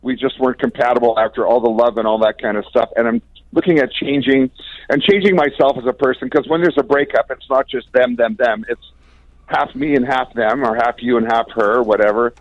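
A man's voice: medium pitch, fairly quick, no echo. An older man from Canada, a guest musician, telling chatty stories in an interview and often chuckling. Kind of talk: casual storytelling interview. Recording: dry, dull lo-fi sound.

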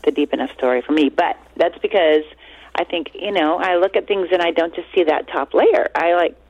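A woman's voice: fairly low pitch, fairly quick, darkish tone, dry recording, highs cut off. A woman guest author in a casual interview, chatty and laughing as she tells anecdotes.

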